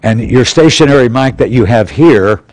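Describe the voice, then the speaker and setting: A man's voice: medium pitch, lively intonation, normal speed, a little mellow, dry recording, poor audio. A man teaching a practical church class in an auditorium, plainly and instructively, repeating his key points. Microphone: stationary pulpit mic.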